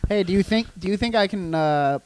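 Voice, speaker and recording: A man with a noticeably high speaking voice hosting a laid-back podcast. He keeps the talk loose with teasing jokes and slangy banter. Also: a little fast, heavy background noise. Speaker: podcast host. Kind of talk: casual podcast chat.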